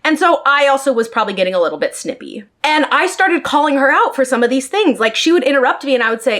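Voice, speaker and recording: A woman with a high, bright voice tells a personal story straight to her viewers. She sounds animated and exasperated, and she laughs often. Her tone stays casual and heated throughout. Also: quick pace. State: emotionally worked up. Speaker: storytime vlogger.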